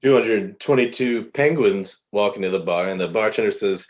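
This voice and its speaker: A man improvising a joke with a dry, steady delivery. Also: fairly low pitch, moderate pace, hardly any pauses. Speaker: improv performer.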